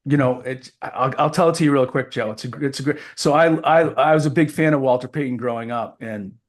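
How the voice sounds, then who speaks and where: A man's voice: medium pitch, quick pace. A man in his fifties from New Hampshire, a keynote speaker telling a story as an interview guest and acting out the dialogue. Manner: lively storyteller who acts out the dialogue.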